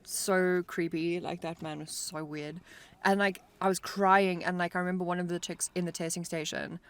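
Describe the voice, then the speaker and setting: A young woman recounts a memory in a relaxed chat, her voice sitting on the low side. She talks fast and animated, stringing phrases together with "like", recorded in the close confines of a car. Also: smooth. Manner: animated storyteller, lots of "like". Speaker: podcast co-host. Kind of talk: casual storytelling chat.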